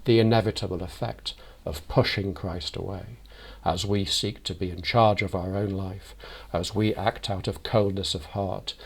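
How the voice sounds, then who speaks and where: A parish priest giving a measured, thoughtful reflection as a sermon. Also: male voice, low voice, steady tone, gravelly, breathy edge. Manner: measured, thoughtful, deliberate delivery.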